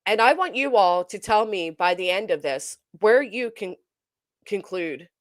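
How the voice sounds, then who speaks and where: A woman's voice: mid-range voice, lively intonation, measured pace, dry recording, clean studio sound. A woman hosting a casual commentary livestream, reading viewer comments aloud and answering them with lots of ums and uhs. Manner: chatty, reads viewer comments aloud and replies; hesitant, frequent um and uh fillers. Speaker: commentary channel host.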